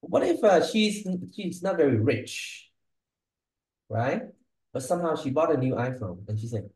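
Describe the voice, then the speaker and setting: A man's voice: mid-range voice, very animated, measured pace, darkish tone. A man tutoring a student one-on-one on English speaking, giving pronunciation feedback and checking in often with "yeah?" and "okay?". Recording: echoey room.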